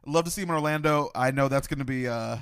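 A man's voice: mid-range voice, fast talker, a bit bright, clear, resonant tone. A man co-hosting a casual podcast, laid-back and slangy, swearing now and then. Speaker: podcast co-host.

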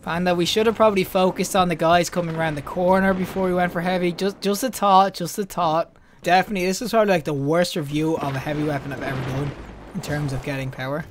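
Excitable high-voiced young man gaming. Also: fast talker, a little hiss or hum. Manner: excitable, yelps and laughs at deaths. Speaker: gaming YouTuber. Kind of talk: live gameplay commentary.

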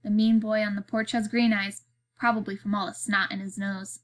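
A woman teacher reading a novel aloud in a plain, steady storytelling manner, then giving a class assignment. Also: medium pitch, normal speed.

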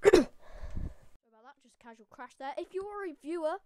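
A woman hosting a gaming channel, giving excitable, hyper, rambling live gameplay commentary full of restarts. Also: sits high, normal speed.

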